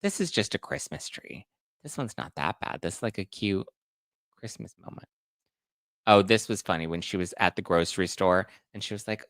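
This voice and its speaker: A man's voice: on the low side, expressive, normal speed, fairly bright tone, no room sound, studio quality. A man hosting celebrity gossip commentary, chatting to viewers in a gossipy way while he reacts to photos. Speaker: host.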